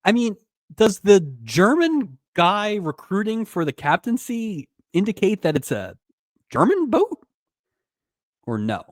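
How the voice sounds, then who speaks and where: Male podcast co-host, animated pitch, dry close sound, quick to laugh. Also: no room sound. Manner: laughs often, retells scenes with put-on voices. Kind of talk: casual recap chat.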